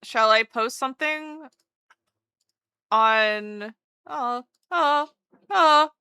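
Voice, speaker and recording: A woman streamer rambling and gushing in a casual chat while she draws, often breaking off mid-thought. Her voice is slightly high, bright, and smooth, recorded close and dry. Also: drawn-out words, no echo. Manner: gushing, rambling, self-interrupting.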